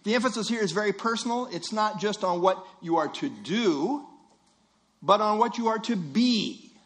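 A man's voice: high voice, animated, normal speed, a bit bright. A man preaching a sermon, teaching earnestly and emphatically, acting out imagined listeners' thoughts.

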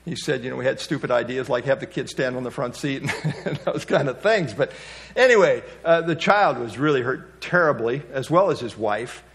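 A pastor delivers a sermon in a folksy, conversational storytelling style, with homespun asides and emphatic rises on key points. His voice is medium-pitched with some vocal fry and a slightly bright quality, at a normal speed.

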